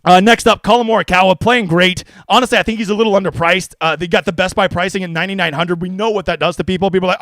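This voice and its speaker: Fast-talking brash man, high and dry. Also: no echo. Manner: brash, profane, jokey; excitable, with mock voices. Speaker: fantasy golf streamer. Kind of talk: casual livestream commentary.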